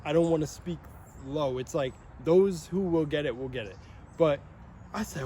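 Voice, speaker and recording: A young man rambling in a monologue, excitable and swearing often, laughing between phrases. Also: on the high side, moderate pace, slight background noise. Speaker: vlogger.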